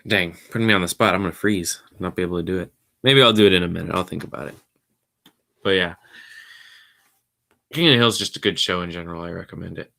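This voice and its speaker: A man hosting his own podcast stream, rambling along casually in a low-key, somewhat mumbly way. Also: quick pace, gravelly, long pauses, pushed and bright. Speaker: podcast host. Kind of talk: casual solo livestream chat.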